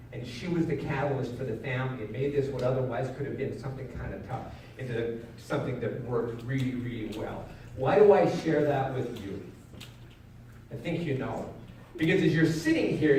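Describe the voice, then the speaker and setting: A middle-aged man giving a motivational keynote, telling a personal story in an earnest way that moves from loud to hushed. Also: medium pitch, slight background noise. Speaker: keynote speaker. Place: large event hall. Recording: echoey hall, mic at a distance.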